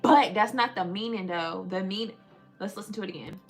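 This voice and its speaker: A woman's voice: medium pitch, fairly quick, soft background music. A woman hosting a casual live stream, playful and joking, drawing out words as she sounds them out. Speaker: livestream host.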